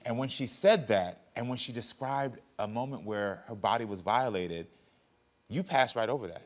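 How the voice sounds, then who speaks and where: A man hosting a daytime talk show, calmly probing and coaching the guests. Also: medium pitch, moderate pace. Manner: calm, probing questions, coaching tone.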